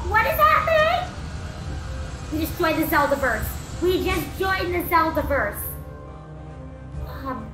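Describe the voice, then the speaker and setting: A woman's voice: sits high, echoey room. Goofy vtuber girl yapping over a game, voice jumps all over, light music underneath. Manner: chatty, goofy, swears and jokes to herself. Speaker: VTuber streamer. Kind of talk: gameplay commentary.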